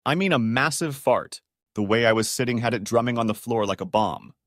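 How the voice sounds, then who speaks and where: A man narrating a string of short online stories in a steady, scripted reading voice. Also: mid-range voice, fairly quick, no echo, clean studio sound.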